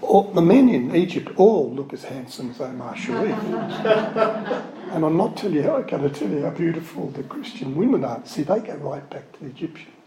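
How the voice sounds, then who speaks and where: A man's voice: on the high side, lively intonation, moderate pace, crowd noise. A man giving an anecdotal spiritual talk, wandering and correcting himself, earnest and openly emotional. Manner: rambling, digressive storytelling with frequent self-corrections; earnest, openly emotional about his subject. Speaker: Catholic religious speaker giving a spiritual talk. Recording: roomy echo with faint ambience.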